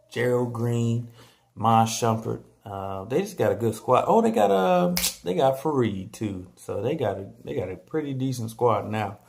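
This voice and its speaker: Gravelly animated man riffing on basketball. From San Antonio, Texas. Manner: animated, joking, trash-talking, mimics teams and players in high mock voices. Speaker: vlogger. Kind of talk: casual basketball commentary vlog.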